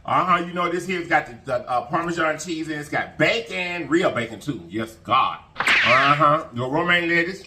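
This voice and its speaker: A man's voice: on the high side, normal speed, slight background noise. A man hosting a casual eating vlog, folksy and chatty, humming as he eats. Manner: lively, folksy, hums while eating. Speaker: mukbang host.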